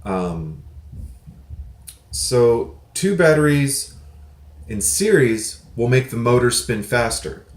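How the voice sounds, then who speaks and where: A man's voice: medium pitch, big pitch swings, slow pace, pauses often, echoey room. A man hosting a casual video reply, explaining things in a rambling, self-correcting way with offhand swearing. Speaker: prepper channel host. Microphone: desk mic with some feedback.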